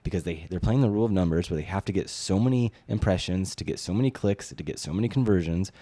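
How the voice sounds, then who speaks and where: A man with a very deep, warm voice co-hosting a casual branding podcast, recorded close and dry. He talks things through in a relaxed way, often restarting with "it's like.". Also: fast talker, no echo. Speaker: co-host, brand strategist.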